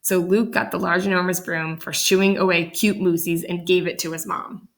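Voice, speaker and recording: A woman reading a children's picture book aloud in an animated way, jumping up in pitch for the characters. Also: moderate pace, creaky, reverberant. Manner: animated, voices the characters with big pitch jumps. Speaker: storyteller.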